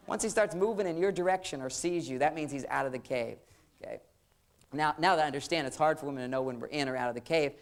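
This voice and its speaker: Playful man giving a relationship seminar. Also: on the high side. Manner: playful, acts out bits of dialogue in short phrases. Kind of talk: humorous live seminar talk.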